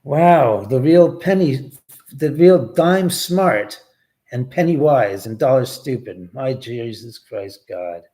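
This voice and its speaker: Animated yet taking it slowly, a man with a dark, mid-range voice hosts a casual livestream at home. He wanders from topic to topic, swears freely, addresses his dog and answers viewer questions.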